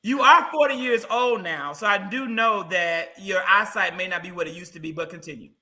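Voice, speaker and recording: A man guest-hosting a casual chat show, animated and teasing in quick banter. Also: sits high. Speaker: guest host.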